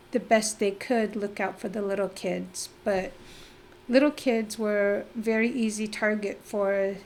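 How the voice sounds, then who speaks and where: A middle-aged woman from northeastern Arizona, recounting her life as an interview guest, reflective and halting, with pauses and fillers. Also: mid-range voice, creaky, slight background noise. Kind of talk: personal life-story interview.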